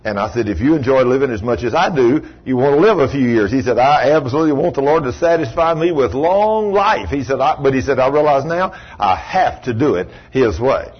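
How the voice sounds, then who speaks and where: A husky-voiced man preaching a folksy sermon, his pitch leaping and dropping as he acts out the voices in his stories. The recording is dull and lo-fi. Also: expressive, brisk, few pauses. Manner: folksy storytelling, swings from low murmurs to high cries. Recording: dull lo-fi sound.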